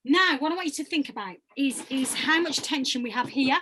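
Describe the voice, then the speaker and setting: A woman with a high, bright-sitting voice leads vocal warm-ups over a video call. She encourages her students and demonstrates each sound herself. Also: lively intonation, brisk, a little hiss or hum. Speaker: voice workshop leader. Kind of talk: leading vocal exercises.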